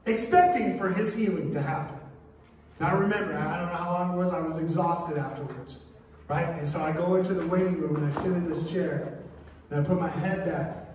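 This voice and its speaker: A man's voice: high voice, darkish tone, a little hiss or hum. A man preaching a sermon as pastor, telling stories and acting out the voices of people in them. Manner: storytelling, acts out voices of people in the story. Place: church sanctuary. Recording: echoey church hall from far off.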